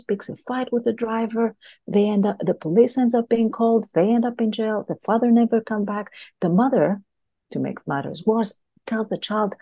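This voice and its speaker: A woman's voice: a little high, moderate pace, creaky, dark tone, breathy edge, no room sound. A woman, a guest in a podcast interview, earnestly explaining an idea through a story and often repeating words as she thinks. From Greece.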